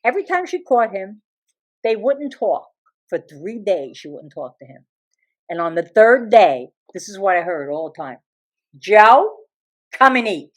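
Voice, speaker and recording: Animated New woman telling stories. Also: medium pitch, normal speed. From New Jersey. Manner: animated, laughing, brash. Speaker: guest storyteller. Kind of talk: comic storytelling in an interview.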